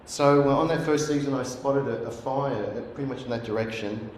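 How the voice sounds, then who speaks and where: Fairly quick and medium-pitched, a man preaches as a guest speaker, turning his sermon into a personal story. He is earnest and acts out remembered voices. The church hall recording has a roomy echo with a little hiss or hum.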